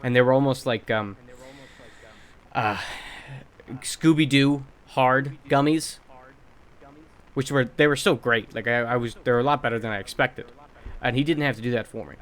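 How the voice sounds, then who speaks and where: A young man co-hosting a podcast in casual chat, telling workplace stories in a blunt, profane, animated way. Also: medium pitch, moderate pace, pauses often, smooth. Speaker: podcast co-host.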